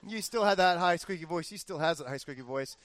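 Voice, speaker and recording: High-voiced animated pastor man. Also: fast. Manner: animated storyteller, acts out family cheers. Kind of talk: sermon with personal story. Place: church.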